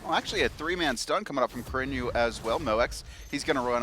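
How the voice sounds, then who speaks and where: Fast bright-voiced male game caster. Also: medium pitch. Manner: fast, joking, acts out players' chatter. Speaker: esports caster. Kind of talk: play-by-play commentary.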